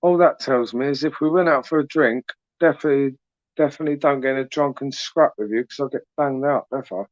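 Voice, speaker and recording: Talking fast in a mid-range voice, this young man from southern England runs a late-night livestream, teasing and chatting as he reads viewers' comments aloud. The audio has no room sound and comes across dry, dull, and lo-fi.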